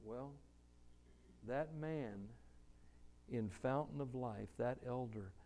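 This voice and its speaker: A male preacher giving a sermon in a church, slow and conversational, asking the congregation questions. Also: mid-range voice, dark tone, slight background noise.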